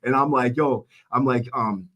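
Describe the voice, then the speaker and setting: A man hosting a podcast, telling animated stories in casual chat, swearing and jumping into a higher voice for quotes. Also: normal speed, lo-fi sound. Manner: animated storyteller who acts out quotes in a raised voice, swears freely.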